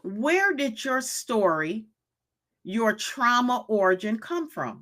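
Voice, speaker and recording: A woman's voice: a little high, very animated, slow, a bit bright. A woman hosting a motivational live stream, speaking in a preachy way, repeating her questions and reading chat comments aloud.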